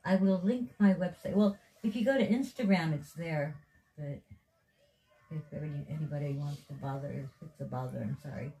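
Japanese woman, non-native English, low mellow voice, playful teasing chat. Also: normal speed, rough recording. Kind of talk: casual chat.

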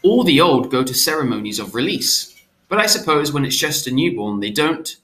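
Dude reading a curious kid, hushed and eager, lively up and down. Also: male voice, mid-range voice, moderate pace.

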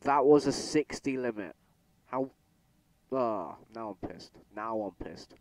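A man's voice: mid-range voice, animated, slow pace, darkish tone, no room sound. A young man giving casual commentary while playing a train game, often exasperated and grumbling, stammering when annoyed. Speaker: gaming channel host.

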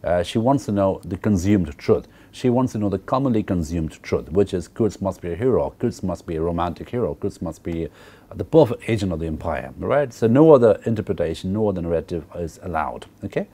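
A man with a low, deep voice delivers a recorded university lecture on literature. He works through the text at a measured, explanatory pace. He keeps checking in with "okay" and "right" and fills his pauses with "uh" and repeated words. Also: lively intonation, warm tone, breathy edge. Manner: hesitant fillers and repeated words.

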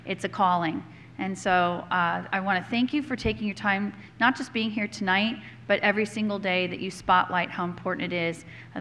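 A woman's voice: fairly low pitch, pushed and bright, slight background noise. A woman on a school board giving earnest, personal remarks at a public meeting.

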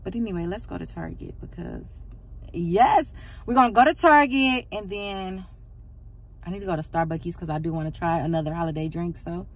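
A woman's voice: lowish voice, moderate pace. A woman chatting to her viewers in a casual vlog, talking to them as "y'all" while she walks through a big store with her phone. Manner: chatty, talks straight to the viewers with lots of "y'all". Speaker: vlogger. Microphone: phone held in hand. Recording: phone audio with clear background noise.

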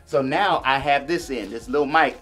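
A man casually demonstrating and reviewing a small audio mixer for his viewers, chatty and relaxed. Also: medium pitch, moderate pace, soft background music. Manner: laid-back, chatty, addresses viewers as y'all and man. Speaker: gear reviewer. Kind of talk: casual product demo vlog.

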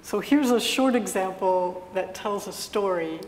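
Calm woman explaining in an echoey hall. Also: medium pitch, a little slow. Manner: calm, explanatory, some hesitations. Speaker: composer presenter. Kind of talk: live talk to an audience. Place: lecture hall. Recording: echoey hall with faint noise.

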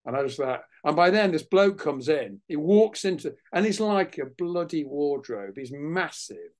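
A man, a naturalist guest on a webinar, telling a lively anecdote over a video call and acting out other people's voices. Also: fairly high pitch, moderate pace. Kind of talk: anecdotal storytelling in a webinar interview.

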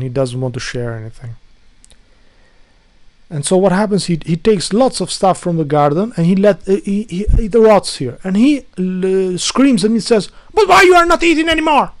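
A man's voice: a little high, mellow. Guy ranting to his viewers in shaky non-native english, fed up, swears a lot, keeps tripping over his words. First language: not English. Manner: exasperated ranting, swears often, restarts a lot. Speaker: vlogger. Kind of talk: casual rant to camera.

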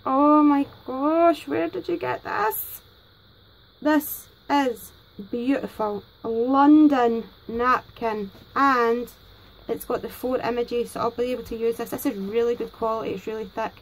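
A Scottish woman hosting a crafting vlog, gushing excitedly and a bit nervously over gifts. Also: a little high, measured pace, rough recording. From Scotland. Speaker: crafting channel host. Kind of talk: casual unboxing vlog.

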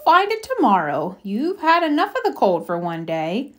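A woman's voice: on the high side, wildly swooping pitch, moderate pace, fairly bright tone. A woman voicing a loving grandmother in a storybook read-aloud, speaking in a soothing, reassuring way.

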